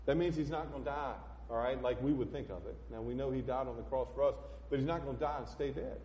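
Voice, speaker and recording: A man preaching a sermon as pastor, emphatic, swinging between loud declarations and hushed asides. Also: mid-range voice, fast. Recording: echoey hall, dull lo-fi sound.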